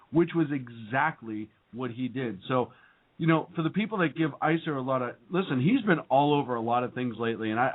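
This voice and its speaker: A man co-hosting a casual political talk show, speaking in an earnest, opinionated way. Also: mid-range voice. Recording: phone-like lo-fi sound.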